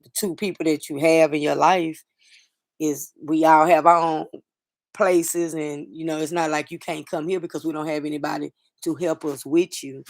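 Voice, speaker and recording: A middle-aged woman hosting a casual livestream chat, talking softly and sadly to viewers, rambling with fillers and restarts. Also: low-pitched, dry recording, studio quality. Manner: soft-spoken, grieving, rambling with fillers and restarts. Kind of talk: casual personal talk to viewers.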